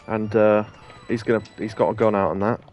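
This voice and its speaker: A man's voice: lowish voice, little pitch movement, fairly quick, dull audio, faint music behind. A man co-hosting a let's play, chatting casually and telling rambling anecdotes with plenty of laughs. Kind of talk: casual chat over gameplay.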